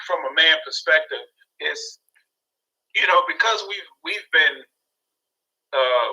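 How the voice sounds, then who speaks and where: A man in his forties with a high, very bright, forceful voice, coming through a tinny phone line. He talks in a lively, animated way and acts out his own past reactions as he tells stories. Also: takes it slowly. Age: 40s. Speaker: guest speaker. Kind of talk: casual talk show chat.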